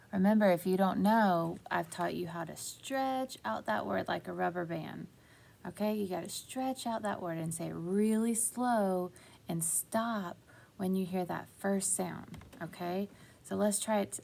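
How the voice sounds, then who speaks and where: Lady teacher doing phonics with little kids, real gravelly voice, slow and drawn out. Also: mid-range voice, a little mellow. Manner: slow, encouraging, drawn-out words. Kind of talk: phonics lesson for young children.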